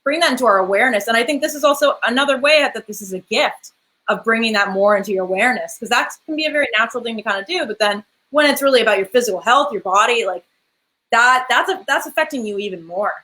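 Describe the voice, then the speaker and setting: A woman's voice: on the high side, pushed and bright. A woman co-hosting a casual talk, eagerly chiming in and building on points with many restarts. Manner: eager, restarts and fillers, quick to agree. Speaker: podcast co-host. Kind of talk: casual chat.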